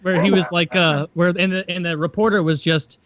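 Wry high-voiced male podcaster. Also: fairly even intonation, a little fast, fairly bright tone, dull audio. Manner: wry, storytelling, laughs often. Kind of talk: casual podcast chat.

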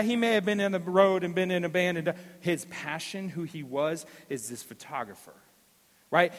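Male pastor, high voice, sermon, emphatic repeats, long hall reverb. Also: a bit bright. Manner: storytelling preacher, emphatic repetitions.

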